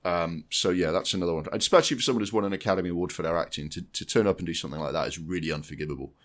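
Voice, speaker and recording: A man with a very low, deep voice co-hosts a film podcast. He talks casually and bluntly, swears freely and often restarts his sentences. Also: very fast. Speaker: podcast co-host.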